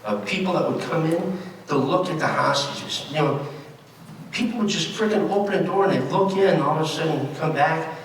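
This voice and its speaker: A man's voice: a little high, a little fast. A man in his sixties from the United States, telling an audience about being held hostage, in a conversational way with fillers and wry humor. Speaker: speaker recounting his time as a hostage. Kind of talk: storytelling speech to an audience. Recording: echoey hall from far off, faint noise.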